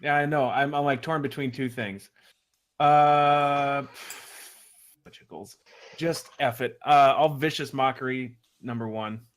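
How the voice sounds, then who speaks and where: A man's voice: mid-range voice, steady tone, slow pace. A man playing a tabletop game, thinking aloud with a lot of hesitation and restarts. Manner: hesitant, full of ums and restarts. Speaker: player. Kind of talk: casual tabletop game talk.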